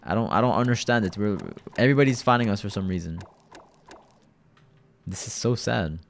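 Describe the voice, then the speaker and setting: A young male streamer talks through a match with his viewers in a loose, rambling way, tossing "bro" into nearly every sentence. His voice sits a little on the low side, and he circles back over the same phrases as he thinks aloud. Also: a little fast, gravelly, a little hiss or hum. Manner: loose and chatty, peppers talk with "bro" and repeats himself. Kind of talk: casual live-stream gaming chat.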